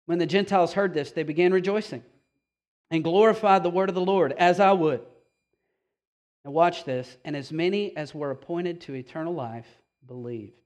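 A man preaching a sermon as pastor, with casual asides and rhetorical questions, swinging from loud emphasis to slow, quiet passages. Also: on the high side.

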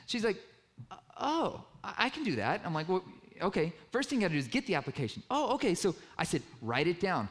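Middle-aged male pastor, conversational sermon, slightly raised pitch, animated storyteller.

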